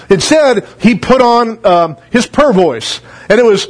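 Middle-aged male pastor with a high voice, folksy sermon delivery, jokey asides. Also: expressive, moderate pace, hardly any pauses. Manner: folksy, joking, asks "right?" often. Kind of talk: conversational sermon.

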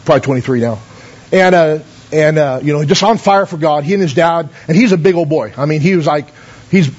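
A man's voice: a little high, a little mellow, slightly rough, lo-fi sound. A man pastor telling stories in a sermon, folksy, with many fillers and calls of amen. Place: church.

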